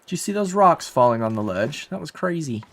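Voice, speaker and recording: This American man streams a survival game, talking back to chat and swearing through casual, chatty commentary. His voice is fairly high and fairly quick, and there's steady background noise in the recording.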